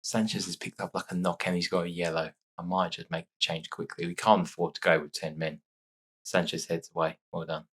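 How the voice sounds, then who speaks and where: A man casually commentating his own football management game, chatty and excitable, with a sore nose after a sneezing fit. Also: deep voice, a little fast, husky. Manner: chatty, excitable reacting to match play. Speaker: gaming YouTuber. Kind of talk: casual let's-play commentary.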